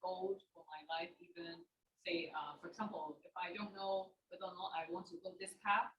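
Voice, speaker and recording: A participant in a group session gives a halting answer and gropes for the right words. The voice comes through roomy and echoey, with a muffled, dull sound. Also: medium pitch, little pitch movement, a bit bright, a little hiss or hum. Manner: hesitant, searching for words. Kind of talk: hesitant spoken answer.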